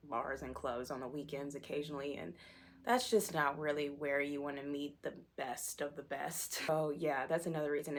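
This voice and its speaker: A woman's voice: low voice, gravelly, slight background noise. A young woman in her twenties, talking candidly about her life in a personal vlog. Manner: candid, self-deprecating, candid storytelling. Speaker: vlogger.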